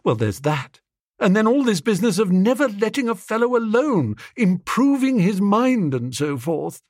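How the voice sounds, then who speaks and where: A man voicing a lovesick young gentleman who talks earnestly and anxiously. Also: sits high, very animated, moderate pace, dry recording, studio quality, voice pushed up. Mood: fretful. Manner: earnest, fretful, pleading.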